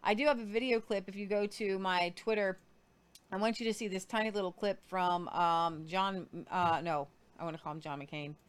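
A woman's voice: medium pitch, steady tone, moderate pace, clear, resonant tone. A woman hosting a casual news show, earnest and a little preachy, stumbling over foreign names. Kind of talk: casual news commentary with faith talk.

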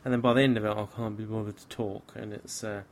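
A man's voice: fairly low pitch, level tone, quick pace. A tired, slightly tipsy man hosting a casual podcast, talking in a weary, grumbling, self-mocking way. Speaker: podcast host.

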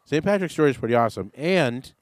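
A man's voice: medium pitch, lively intonation, fast, dry recording. Offhand rambling male podcast host. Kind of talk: casual podcast chat.

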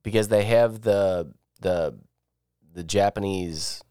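A man's voice: fairly low pitch, slow, dark tone, clean tone, dry recording. A man co-hosting a casual movie podcast, sick with a crackly voice, making dry jokes and rambling asides. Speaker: podcast co-host. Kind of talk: casual chat.

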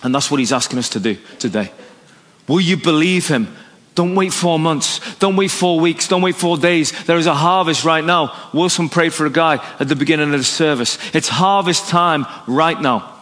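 A man from Northern Ireland delivers a sermon, his voice sitting a bit high for a man and carrying a long reverb from a big hall. He preaches with force, then drops low and soft to hammer home a point. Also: moderate pace. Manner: dynamic preaching, drops low and soft for emphasis, rises for acted quotes. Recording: echoey hall recording.

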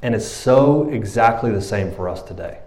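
A man preaching a sermon as pastor, animated and conversational, acting out Bible characters in quick voices. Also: on the low side.

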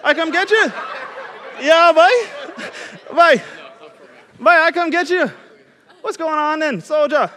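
A man's voice: extremely high pitch, a little slow, long pauses, bright, forceful tone, long reverb tail, pitched above the performer's own voice, full character voice. A man imitating a laid-back young male college buddy with a Bahamian accent, easygoing and calling everyone buddy. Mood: breezy, joking.

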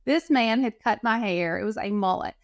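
A woman telling stories as a podcast guest in casual talk, animated and acting out quoted dialogue. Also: mid-range voice, moderate pace, no room sound, clean studio sound. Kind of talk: casual storytelling interview.

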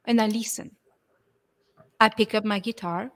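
A woman, a guest telling her spiritual story in an expressive way and acting out the voices she quotes. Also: on the high side, a little slow, long pauses. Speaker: interview guest. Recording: long hall reverb.

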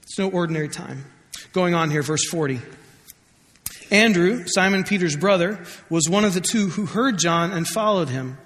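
A man's voice: sits high, moderate pace, fairly bright tone. A man preaching a sermon as pastor, conversational and joking, acting out scripture quotes. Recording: long hall reverb.

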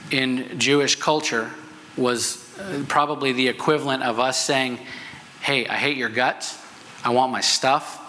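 A man preaching a sermon with a bright, forceful voice. He explains each point patiently and tags "okay?" onto his lines. His voice carries a long reverb in a large hall, with a faint hum of ambience underneath. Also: medium pitch. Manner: explanatory, keeps checking in with "okay?". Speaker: pastor.

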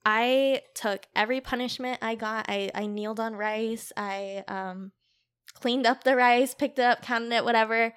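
A woman guest on a podcast telling a personal story in casual chat, full of "like" fillers and quick laughs. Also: medium pitch, a bit bright, smooth. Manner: chatty storyteller, frequent "like" fillers, laughs easily.

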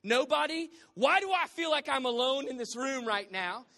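Southern pastor, high voice, playful sermon that keeps quizzing the crowd. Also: animated, moderate pace, bright, forceful tone. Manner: humorous, conversational, quizzing the congregation. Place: church hall with congregation.

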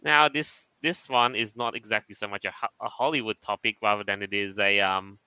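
Smooth, bright man introducing topics. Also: fairly low pitch, dry recording, rough recording. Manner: measured, leads into topics and reads headlines. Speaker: podcast co-host. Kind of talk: casual chat, introducing topics.

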